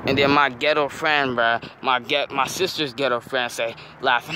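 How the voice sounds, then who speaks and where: A man's voice: mid-range voice, normal speed, hardly any pauses, background noise. A teenage boy telling a story in casual slang, saying "bro" after nearly every phrase, outdoors near a street.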